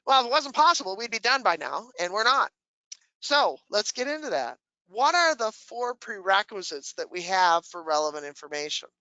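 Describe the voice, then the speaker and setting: Lively woman presenter, bright voice. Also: medium pitch, normal speed, dry recording, lo-fi sound. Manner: asks the audience questions and answers them herself; dry humor. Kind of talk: webinar presentation.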